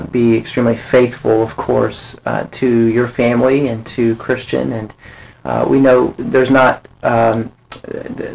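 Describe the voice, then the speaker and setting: An interviewer on a faith program, asking questions gently with many pauses and fillers. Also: mid-range voice, creaky, rough recording.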